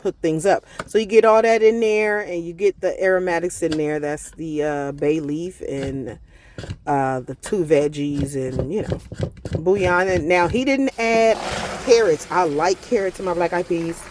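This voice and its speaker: A woman's voice: lowish voice, measured pace, a little mellow. Woman, home-cooking vlogger, folksy chatter, slightly scratchy throat, recorded in a car. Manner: chatty, folksy, addresses viewers as y'all. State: throat irritation, clearing throat. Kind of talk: casual recipe voiceover. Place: parked car on a work break.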